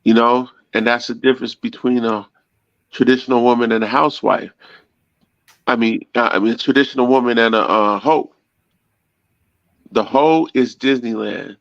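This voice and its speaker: A man's voice: mid-range voice, fairly even intonation, moderate pace, pauses often, fairly bright tone, no room sound. A blunt man in a casual podcast chat, hammering his point home with repeated, homespun comparisons. His voice sounds dull and lo-fi, with a completely dry acoustic. He often restarts his words midway.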